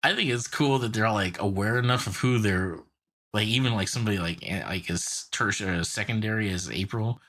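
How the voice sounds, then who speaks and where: A man's voice: on the low side, a little fast, a bit bright. A man co-hosting a podcast, retelling a cartoon episode in a loose, rambling way with lots of filler words. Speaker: podcast co-host. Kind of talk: casual chat recapping a cartoon episode.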